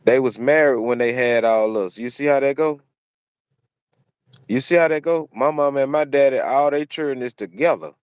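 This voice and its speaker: A commentary channel host, medium-pitched and clean-toned, talks at a moderate pace with no room sound. His opinionated solo commentary is preachy, with phrases repeated for emphasis.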